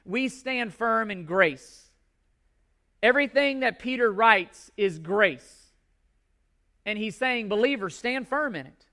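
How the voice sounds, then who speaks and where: A man's voice: high voice, expressive, slow pace, sharp tone. A male pastor delivering a sermon to his congregation in a church, emphatic and repeating key words for stress.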